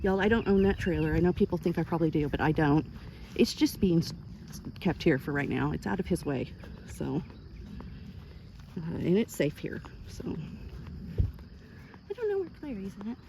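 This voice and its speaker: A Texan woman vlogging as she walks her ranch, chatty and a little out of breath, switching into a high sing-song baby voice when she talks to her animals. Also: normal speed, creaky, noisy background. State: slightly out of breath. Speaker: ranch owner. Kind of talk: casual walking vlog. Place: outdoors on a rural ranch property. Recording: outdoor ambience with animal noises.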